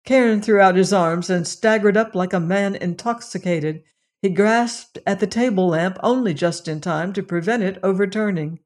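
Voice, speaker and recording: A narrator reads gothic horror in a measured, atmospheric way. The reading is steady and scripted, with a host's closing sign-off. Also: medium pitch. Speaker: narrator, audiobook host.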